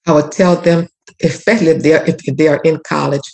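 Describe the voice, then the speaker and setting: Speaking fairly quickly in a deep, steady, slightly mellow voice, this woman comes through on poor audio. She is a former teacher and community activist from Louisiana, earnestly telling a personal story in a prayerful manner, full of repetitive restarts.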